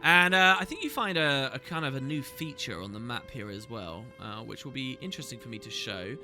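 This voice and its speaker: A man's voice: medium pitch, lively intonation, a little fast. A man hosting a gaming video, chatting casually as he plays and reading quest dialogue aloud. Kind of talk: casual gameplay commentary. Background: faint game music.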